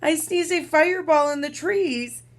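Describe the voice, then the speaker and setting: Gentle, apologetic storybook dragon, done by a woman, quick and pleading. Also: sits high, pitched above the performer's own voice. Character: big sorry male dragon, gentle and shy.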